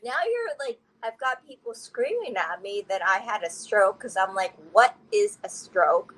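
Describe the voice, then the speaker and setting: A woman's voice: on the high side, lively intonation, moderate pace, a bit bright, low-quality recording. A woman telling her personal story candidly as an interview guest, often laughing through difficult memories.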